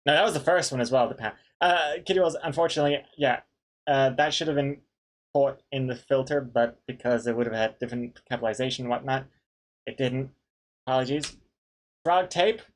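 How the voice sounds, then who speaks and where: A man's voice: medium pitch, a little fast. A man hosting a casual live stream, reading out viewer pun suggestions in a jokey way and laughing often. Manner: jokey, reads names aloud, laughs often.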